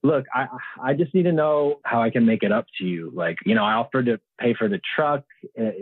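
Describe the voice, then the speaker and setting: A man's voice: medium pitch, animated, fairly quick, no room sound. A man calling in to a radio show, talking hesitantly with many ums and restarts. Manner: hesitant, stammering, full of ums. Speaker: caller. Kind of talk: phone call to a radio show. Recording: dry tinny phone line.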